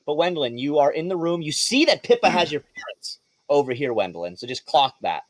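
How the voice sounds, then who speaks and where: A man as game master running a tabletop game, lively and profane. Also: fairly high pitch, brisk, no room sound.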